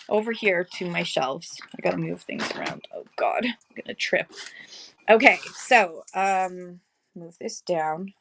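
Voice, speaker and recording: A woman holding her phone indoors and chatting casually on a seller livestream, rambling and correcting herself with quick laughs. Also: mid-range voice, vocal fry, a bit bright, a little hiss or hum. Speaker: online live-auction seller. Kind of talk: casual livestream chat and demo. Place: indoor room with shelves. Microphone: handheld phone.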